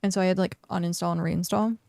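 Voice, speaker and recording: A woman's voice: fairly low pitch, fairly even intonation, racing, creaky, mellow, dry recording, studio quality. A woman casually chatting on a game live stream, reading chat questions aloud, with lots of fillers. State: hiccuping.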